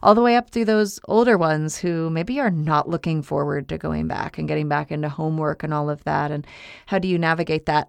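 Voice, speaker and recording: Forties woman podcast host, low gravelly voice, thoughtful steady talk, dry mic. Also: no echo. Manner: steady, reflective, explains in long runs. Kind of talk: casual podcast chat.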